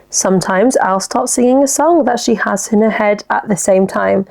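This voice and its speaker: Young woman, podcast host, casual chat, giggly, gravelly fry. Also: mid-range voice, moderate pace, hardly any pauses, a little mellow. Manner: chatty, giggly, reacts aloud to listener messages.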